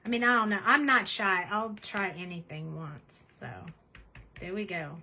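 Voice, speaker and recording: A woman's voice: mid-range voice, lively intonation, normal speed, pushed and bright, poor audio. A woman hosting a casual craft demonstration at her home desk, chatty and cheerful as she narrates each step. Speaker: craft tutorial host.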